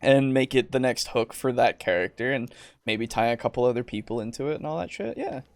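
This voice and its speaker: A man's voice: mid-range voice, expressive, a little fast, dry recording, studio quality. A man co-hosting a podcast, chatting casually about tabletop games, rambling with many fillers, swearing and laughing often. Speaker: podcast co-host.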